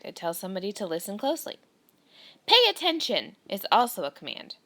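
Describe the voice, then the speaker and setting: A woman teacher patiently talking young students through a grammar worksheet, reading the sentences aloud and explaining each step. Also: mid-range voice. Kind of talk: recorded grammar lesson for children.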